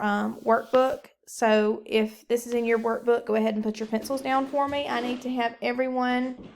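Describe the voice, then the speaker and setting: A woman teacher giving a recorded phonics lesson, talking slowly and encouragingly to young pupils. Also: fairly high pitch, gravelly.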